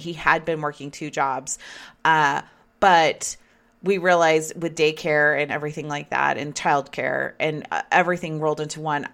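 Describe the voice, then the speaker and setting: A woman in her thirties casually telling a personal story, chatty and animated, acting out what people said. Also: deep voice. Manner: chatty, animated retelling with acted-out quotes. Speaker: storyteller recounting her career. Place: Las Vegas area.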